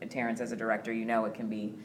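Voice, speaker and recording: A woman who teaches acting, guesting on an interview chat and speaking with warm enthusiasm. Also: very deep voice, flat delivery, racing. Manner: enthusiastic, warm about colleagues.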